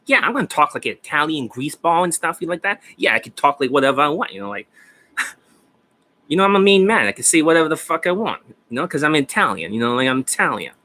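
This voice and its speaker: A man's voice: on the high side, sing-song, brisk, bright, forceful tone. A man who is a dating coach, talking in a rambling, profane, casual way and laughing often. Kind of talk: casual rambling livestream talk.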